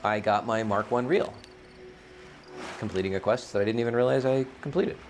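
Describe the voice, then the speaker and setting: A man with a voice on the low side hosts a casual gameplay livestream at a moderate pace, with slight background noise. As a streamer and game host, he rambles and thinks aloud, often correcting himself mid-sentence.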